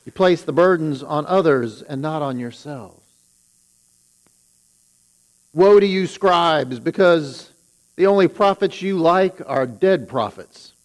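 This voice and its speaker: A man preaching from the pulpit, his voice sitting a little high. He retells scripture in his own words and leans hard into each warning. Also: expressive, unhurried, poor audio. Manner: paraphrases scripture with rising emphasis on the woes. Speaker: pastor. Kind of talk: sermon.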